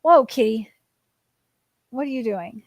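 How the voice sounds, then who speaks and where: Woman streamer rambling with lots of ums, baby talk to her cat, high voice, dry sound. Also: lively intonation, slow, no room sound. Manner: rambling, with many fillers. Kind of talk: casual live-stream chat.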